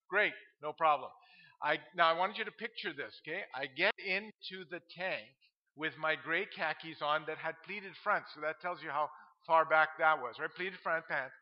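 A middle-aged man who is a pastor, telling funny stories from the pulpit in an animated way and laughing at his own tales. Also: a little high, normal speed. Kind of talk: humorous sermon storytelling. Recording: dull lo-fi sound.

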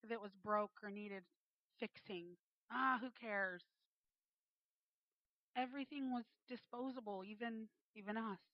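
A woman's voice: mid-range voice, normal speed, no room sound. A woman in her forties sharing a personal faith testimony, earnest and acting out the voices she quotes. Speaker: speaker giving a faith testimony. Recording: dull, slightly muffled dry sound.

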